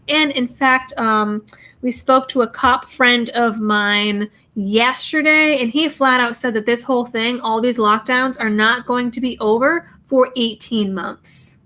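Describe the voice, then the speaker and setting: A woman with a slightly high voice chats loosely on a livestream. She is blunt and rambling, drifting from one thing to the next as she reads viewer messages aloud. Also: pushed and bright. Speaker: livestream host reading viewer super chats. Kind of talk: casual livestream chat.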